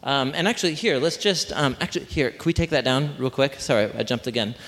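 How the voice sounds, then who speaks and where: A man's voice: medium pitch, fast talker, fairly bright tone. Man preaching in an echoing hall. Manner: conversational, questions the congregation. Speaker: pastor. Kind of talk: sermon. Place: church hall with congregation. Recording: long hall reverb.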